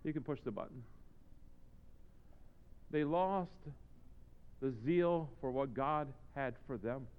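A man preaching a sermon as pastor, swinging from low, joking asides to shouted exhortations in plain-spoken language. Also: slow, long pauses, clear, resonant tone. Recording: reverberant, slightly dull hall recording.

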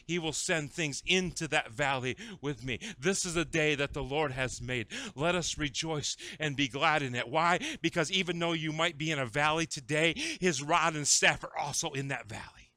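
A man preaching a sermon, shifting between conversational asides and shouted, dramatic retellings of scripture. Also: fairly high pitch, normal speed, no room sound. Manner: acts out scripture voices dramatically. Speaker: pastor.

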